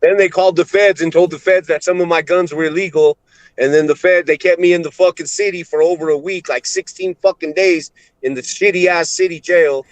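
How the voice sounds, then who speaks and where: Man, somewhat high voice, blunt and swearing, calls everyone bro, dry close sound. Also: fairly even intonation, fairly quick, no room sound, low-quality recording. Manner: blunt, profane, calls others bro and dog. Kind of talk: casual storytelling chat.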